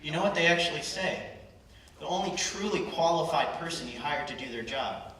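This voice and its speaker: A man's voice: on the high side, expressive, brisk, sharp tone. A young man in his twenties performing stand-up comedy, working the crowd with punchy, ironic delivery. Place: large hall at a live culture show. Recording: echoey hall, far from mic, crowd noise. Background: audience reactions and hall ambience.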